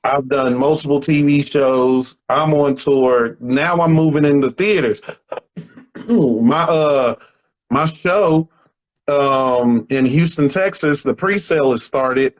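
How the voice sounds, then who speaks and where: A comedian talking in a loose, animated way, laughing through his stories. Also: medium pitch, takes it slowly, low-quality recording. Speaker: comedian guest. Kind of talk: casual chat.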